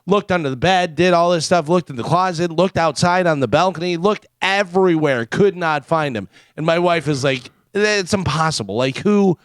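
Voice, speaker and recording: A man co-hosting a morning radio show, telling a lively anecdote in casual chat from the studio. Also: on the high side, moderate pace, hardly any pauses, clean tone, dry recording. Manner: animated anecdote teller with laughs and quoted voices. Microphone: studio microphone.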